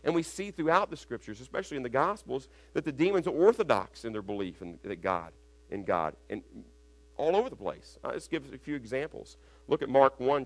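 A man preaching an expository sermon, stumbling and restarting over words, then building up to loud, emphatic recitations of scripture. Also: mid-range voice. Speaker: pastor.

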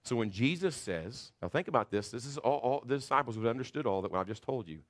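A man's voice: medium pitch, expressive, fast talker. A man preaching an expository sermon, earnest, with frequent restarts as he walks through the verses. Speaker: pastor.

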